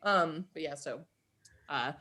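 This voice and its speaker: A woman guest on a podcast, telling stories in a lively, chatty way, laughing often and acting out quotes. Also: low-pitched, slow. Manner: animated, laughs often, acts out quoted voices. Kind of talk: casual storytelling chat.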